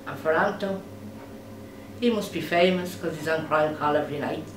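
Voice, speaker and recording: A woman playing a tired middle-aged mother, grumbling in a flat, resigned way. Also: low-pitched, normal speed, lightly acted. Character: weary, put-upon Dublin mother. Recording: echoey room with noise.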